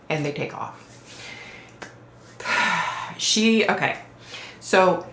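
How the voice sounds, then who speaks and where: A woman's voice: on the low side, creaky, pushed and bright. A woman vlogger recounting a psychic vision in a casual, rambling way, often saying "like" and checking in with "okay?". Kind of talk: casual storytelling to camera. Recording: roomy echo.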